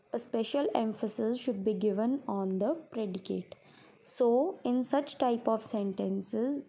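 A woman's voice: a little high, mellow. A woman teacher explaining grammar to a class step by step, repeating her examples.

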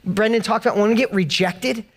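A man on stage at an event, delivering a motivational speech with a notably high voice. He tells a personal story with passion, climbing in pitch and force as he hammers home each point. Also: brisk. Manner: passionate personal storytelling, rising to emphatic peaks. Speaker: motivational speaker. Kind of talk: motivational speech to a live audience.

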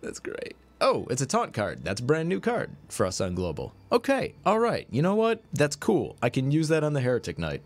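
A man streaming a mobile game, commentating his card pulls, swinging between excited hype and deflated mumbling. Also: medium pitch, fairly quick, hardly any pauses.

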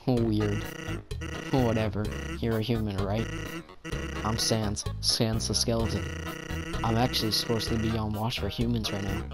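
A lazy, joking male skeleton sentry talks in an easygoing, offhand way, as a young man reads his lines. The pace is slow and relaxed. Game music plays clearly behind him. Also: lowish voice, close to an everyday voice, rough recording. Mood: laid-back.

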